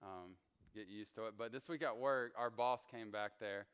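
A man leading a Bible study, telling stories in a chatty, animated way with many fillers. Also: lowish voice, moderate pace, smooth. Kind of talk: casual storytelling Bible study talk. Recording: long hall reverb.

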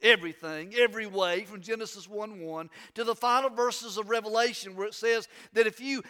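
Fervent preacher man, bright and clear. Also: sits high, fairly even intonation, a little fast, long reverb tail. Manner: fervent, emphatic preaching with repetition. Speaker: pastor. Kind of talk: sermon with opening prayer. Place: church sanctuary.

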